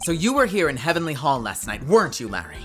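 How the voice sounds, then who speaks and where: A woman's voice: deep voice, sing-song, quick pace, music in the background, voice pushed down. A woman voicing a stern, cool-headed male lawyer who questions in a cold, accusing way. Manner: cold, accusing cross-examination.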